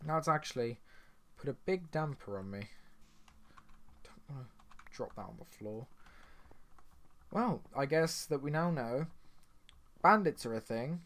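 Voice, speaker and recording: Playing his own game, a young gaming channel host gives casual let's-play commentary, chatty and rambling with sudden surprised outbursts. His medium-pitched voice is expressive and a bit bright, moving at a measured pace with frequent pauses.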